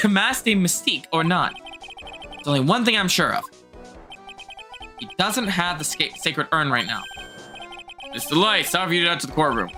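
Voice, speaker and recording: A woman's voice: fairly low pitch, pushed and bright. A woman voicing a young male defense lawyer with dry, sarcastic asides.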